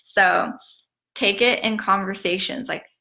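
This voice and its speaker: A woman giving a casual online marketing training, chatty and full of "like" and "um", who mimics gushing sales messages with big jumps in pitch. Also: steady tone, a little slow, vocal fry, pushed and bright. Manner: chatty, peppered with "like" and "um". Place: streaming from home over the internet.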